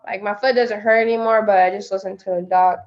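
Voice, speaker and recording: A woman's voice: medium pitch, fairly even intonation. A young woman athlete joking around in a casual video-call interview. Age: young adult. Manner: playful and joking, quick laughs. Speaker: basketball player guest. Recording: dull video-call audio.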